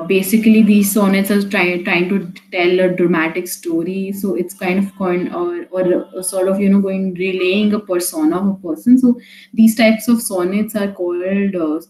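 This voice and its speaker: A woman's voice: medium pitch, warm tone. A young woman with an Indian accent tutoring a student in a casual, chatty way, slipping Hindi into her English and full of fillers and restarts. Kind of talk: online poetry lesson. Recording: echoey room.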